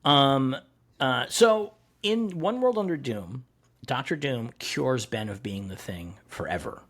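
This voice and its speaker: A man co-hosting a casual comic-book podcast. His voice is slightly husky and swings widely in pitch as he retells scenes. He swears freely and acts out the characters' quotes. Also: expressive, slow, fairly bright tone. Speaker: podcast co-host.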